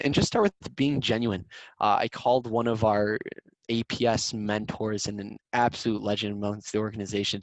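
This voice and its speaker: A man's voice: lowish voice, dry recording, poor audio. A young man coaching students on a video call in an upbeat, casual way, often repeating words as he talks. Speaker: student sales competition coach.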